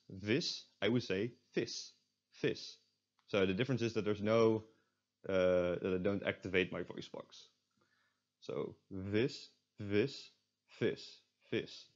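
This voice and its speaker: A young Dutch man with a Dutch accent, teaching a casual language lesson and explaining step by step, often stopping to correct himself. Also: fairly low pitch. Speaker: language tutor. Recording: dull lo-fi audio.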